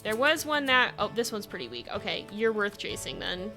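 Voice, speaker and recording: A woman's voice: medium pitch, expressive, moderate pace. A woman streaming a game live, chatting with her viewers and urging her animals along, often breaking into giggles. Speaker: gaming streamer. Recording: game music under the voice. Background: background game music.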